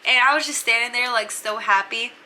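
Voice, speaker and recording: Young woman vlogger, really bright voice, kinda high, swears a lot, faint noise behind. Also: fairly quick, low-quality recording. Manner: chatty, swears freely, many fillers. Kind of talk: casual storytime.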